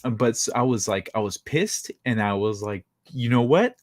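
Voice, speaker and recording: A man's voice: fairly low pitch, steady tone, moderate pace, no echo. A man hosting a casual late-night livestream chat, talking in a blunt, profane, rambling way. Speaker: livestream host.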